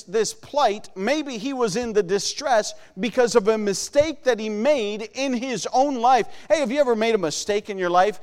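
A man's voice: sits high, clean tone, in a large hall. A man preaching a sermon in an earnest manner, repeating words and calling out to listeners.

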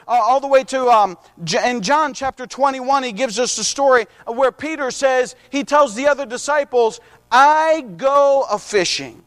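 High-voiced preacher, slow scripture reading. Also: male voice, fairly bright tone. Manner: reads scripture slowly and drawn out, then preaches with emphatic rises. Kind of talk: sermon.

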